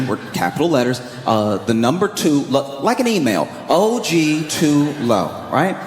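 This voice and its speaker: A male stand-up comedian telling a story in an animated, incredulous way. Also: mid-range voice. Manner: animated, incredulous, exaggerated retelling. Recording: echoey hall with background noise.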